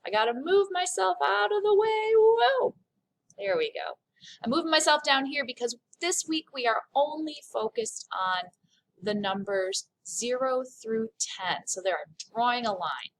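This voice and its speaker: A woman's voice: fairly high pitch, fairly bright tone, poor audio. A woman French teacher giving a recorded online lesson, explaining pronunciation patiently and step by step.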